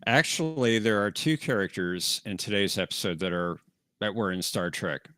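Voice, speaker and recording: A man co-hosting a live watch-along, offering dry, informative remarks with quiet amusement. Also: lowish voice, normal speed, no room sound. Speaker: co-host of a show watch-along. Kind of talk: casual live commentary.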